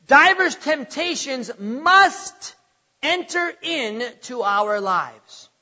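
High bright husky man preaching, big swings in volume, lo-fi echoey hall. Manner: emphatic, dramatic swings in volume and pace. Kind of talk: sermon. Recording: dull lo-fi sound with long hall reverb.

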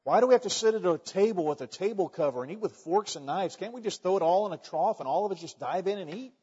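Preacher putting on a little pig, homely, a bit hushed, muffled hall sound. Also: male voice, high voice, expressive, fast talker, slightly rough. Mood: complaining. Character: little pig, content in the mud. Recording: dull, echoey hall recording.

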